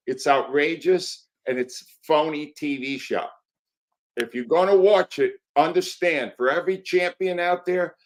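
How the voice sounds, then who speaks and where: An older man, a sports writer guest on a talk show, delivering firm contrarian opinions in short declarative sentences. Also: fairly high pitch.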